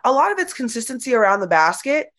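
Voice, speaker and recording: A woman's voice: a little high, quick pace. A young woman, a college basketball player, chatting casually as an interview guest with lots of "like". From United States. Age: young adult. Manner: chatty, lots of "like", animated retelling.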